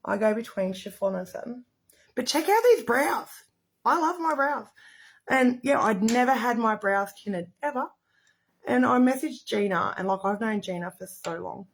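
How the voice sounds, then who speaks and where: A woman's voice: a little high, animated, moderate pace. A middle-aged woman, chatting in a rambling, effusive way while hosting a casual makeup livestream to the camera.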